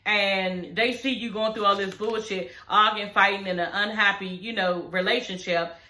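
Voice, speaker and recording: A woman's voice: mid-range voice, steady tone, moderate pace, bright, forceful tone, reverberant, low-quality recording. A young woman chatting casually to her viewers as she recaps a reality show, often calling them y'all. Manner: chatty, addresses viewers as y'all, frequent "you know what I'm saying".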